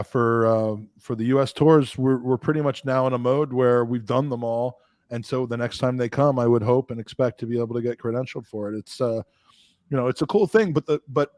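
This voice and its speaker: A middle-aged man co-hosting a podcast, chatting casually, animated and self-deprecating with stumbling restarts. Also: medium pitch, no room sound. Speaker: podcast co-host. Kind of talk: casual chat.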